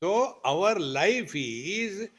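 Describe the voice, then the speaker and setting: Speaking at a meditation retreat, a male swami delivers spiritual teaching slowly and patiently, questioning his listeners and drawing on homely examples with light, gentle humor. His voice sits somewhat high and swings widely in pitch.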